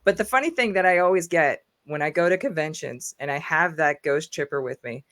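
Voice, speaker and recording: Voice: medium pitch, brisk, fairly bright tone, no room sound, clean studio sound. A podcast guest talking in a casual, goofy, chatty way with lots of "um"s. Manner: goofy, chatty, many fillers. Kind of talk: casual chat.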